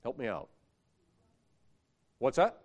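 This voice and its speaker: A man delivers a sermon in an animated way, his pitch swinging widely as he drives home each point. He reads scripture aloud and builds to stressed phrases before dropping back down. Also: takes it slowly. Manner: animated preaching with rising emphasis, reading scripture aloud. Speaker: preacher.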